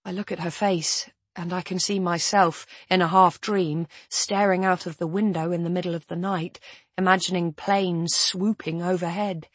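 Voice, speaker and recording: A woman narrating a first-person novel in a measured, intimate storytelling manner. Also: fairly low pitch, fairly even intonation, no echo. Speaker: audiobook narrator.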